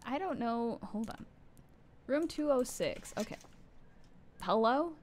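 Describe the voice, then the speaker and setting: A woman streamer talks through a game live, her voice higher than most and swinging widely in pitch. She rambles, mocks herself and chats with her viewers. A faint hiss sits under her voice. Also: animated, slow, darkish tone. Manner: rambling, self-mocking, chatting to viewers; startled outbursts. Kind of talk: casual live gameplay commentary.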